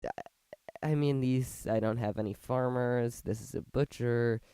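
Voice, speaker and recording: A man who is sick with a fever and sore when he talks, rambling excitedly as he explains a build in a gameplay commentary. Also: medium pitch, a little slow, clean tone. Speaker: video game commentator. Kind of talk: let's-play gameplay commentary.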